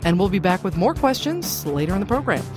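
A woman hosting a radio money call-in show, bright and conversational as she reads questions and invites calls. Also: mid-range voice, sing-song, quick pace, over music.

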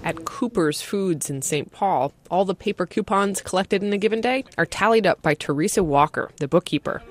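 A woman radio reporter narrating a news feature in a brisk, wry way. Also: on the low side, slight background noise.

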